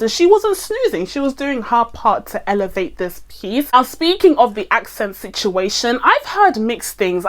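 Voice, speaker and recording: A young woman talking casually to camera as she reviews a film, chatty and emphatic, often breaking into laughter mid-sentence. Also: on the high side. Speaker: movie reviewer.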